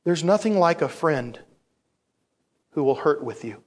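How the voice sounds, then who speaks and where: A male pastor preaching a sermon in an animated storytelling manner, acting out voices and repeating phrases for emphasis. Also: on the high side, unhurried.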